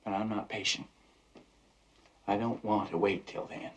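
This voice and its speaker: A young actor playing a dreamy, restless son who talks wryly and sometimes drops to a whisper. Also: male voice, fairly low pitch, steady tone, unhurried, husky. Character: restless dreamy young man, bitter and wry. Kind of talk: television drama acting.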